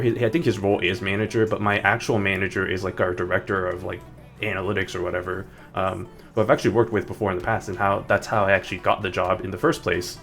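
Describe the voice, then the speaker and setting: A man with a lowish, fairly bright voice streams a game, chatting casually in a rambling way and restarting his sentences often. Faint music plays in the background of this casual gaming stream chat.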